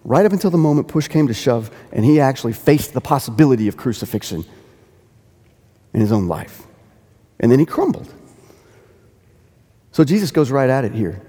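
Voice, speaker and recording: A man's voice: mid-range voice, very animated, moderate pace, long pauses, warm tone, breathy edge. Earnest preacher man in a reverberant hall. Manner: earnest, repeats phrases for emphasis, rises to quoted dialogue. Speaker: pastor. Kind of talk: sermon.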